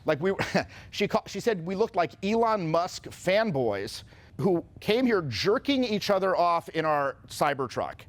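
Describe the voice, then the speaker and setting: Profane, animated male confidence coach. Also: high voice, measured pace. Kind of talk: casual motivational talk.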